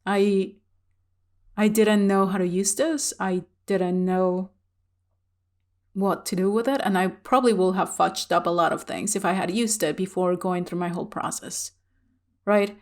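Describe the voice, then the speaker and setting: A woman's voice: mid-range voice, steady tone, measured pace. A woman vlogger casually telling a personal spiritual story to the camera, candid and chatty, with frequent fillers and laughs.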